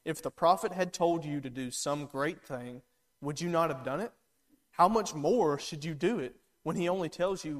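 A man preaching a sermon in a conversational way, acting out the lines of the people in the story. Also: high voice. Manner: conversational, acts out quoted lines.

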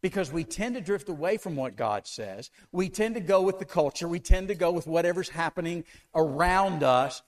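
A man's voice: a little high, expressive, moderate pace, hardly any pauses. A man preaching a sermon to a congregation, asking them one question after another with an emphatic delivery. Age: older.

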